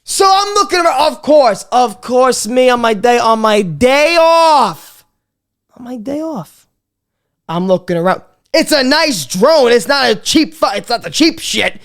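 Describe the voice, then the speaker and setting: A woman in her twenties hosting a podcast, telling a comic story in an animated, swearing way with stammered restarts. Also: high-pitched, a little slow. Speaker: podcast host. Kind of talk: comedic storytelling monologue.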